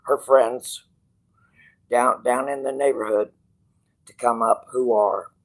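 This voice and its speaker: A channel host with a steady, mid-range voice takes his time on poor audio, telling viewers a personal story. He rambles casually with restarts, quotes others in dialogue, and swears freely.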